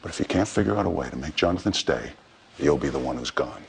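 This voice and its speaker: An actor playing a blunt, threatening executive in a TV drama who lays down an ultimatum. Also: male voice, a bass voice, lively intonation, fast, creaky, husky, faint music behind, heavily acted. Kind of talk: TV drama acting.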